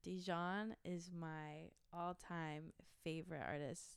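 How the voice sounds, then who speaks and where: Young singer-songwriter woman, smooth and low. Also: fairly even intonation, slow pace, no echo, clean studio sound. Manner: gushing, emotional, lots of fillers. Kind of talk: casual interview chat.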